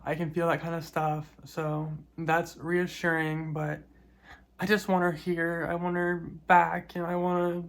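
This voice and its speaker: Flat-voiced woman vlogging softly. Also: on the low side, a little slow. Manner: soft and reflective, with frequent small laughs. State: grieving. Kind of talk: personal vlog talk.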